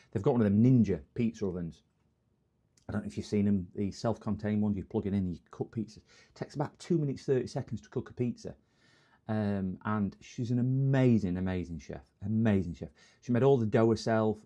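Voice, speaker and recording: Hosting a repair livestream, a middle-aged man from England speaks a little fast in a lowish voice. His manner is rambling and jokey as he chats with viewers, and he greets the chat warmly with loud hellos.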